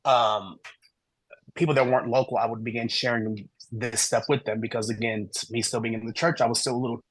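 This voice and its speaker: A man guest on a podcast interview, telling his story in an animated way and acting out the dialogue he quotes. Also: mid-range voice, brisk, dry recording, rough recording. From American Midwest. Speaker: guest, human design reader.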